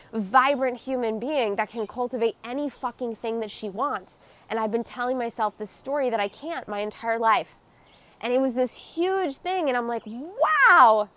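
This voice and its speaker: A woman hosting her own podcast, speaking in an earnest, confessional and emotionally open way, dropping soft and close at tender moments. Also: on the high side. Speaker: podcast host. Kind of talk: personal reflective monologue.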